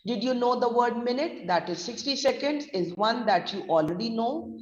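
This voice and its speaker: A woman pronunciation trainer with an Indian English accent, spelling words out slowly and deliberately in a lesson. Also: a little high, expressive, darkish tone, a little hiss or hum. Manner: slow deliberate spelling-out, mixing Hindi. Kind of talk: online vocabulary lesson. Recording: echoey distant lo-fi room mic.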